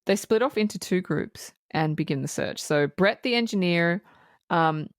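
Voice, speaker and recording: Lively swearing woman podcast co-host. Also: fairly low pitch, normal speed, no echo, studio quality. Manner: lively, swears freely, laughs often. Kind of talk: casual film review chat.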